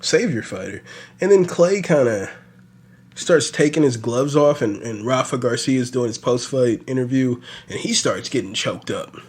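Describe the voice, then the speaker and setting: A man hosting a podcast, recapping fights in a casual, animated and profane ramble full of fillers. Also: mid-range voice, normal speed, husky. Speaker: podcast host. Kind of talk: casual solo sports recap.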